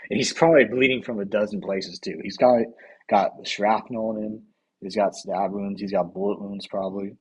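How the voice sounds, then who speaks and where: Man, streamer, rambling casual commentary, husky, lowish voice, laughs a lot. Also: steady tone, normal speed, low-quality recording. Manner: rambling, laughs often, swears, reads chat aloud.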